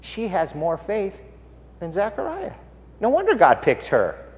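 A man preaching a sermon, animated and swinging between loud and hushed. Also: sits high, measured pace, big-room sound.

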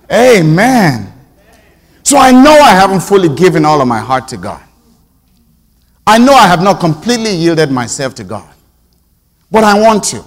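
A man preaching a sermon to his congregation, moving from quiet reflection to emphatic call-and-response. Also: fairly high pitch, big pitch swings, normal speed, long pauses, big-room sound. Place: church sanctuary.

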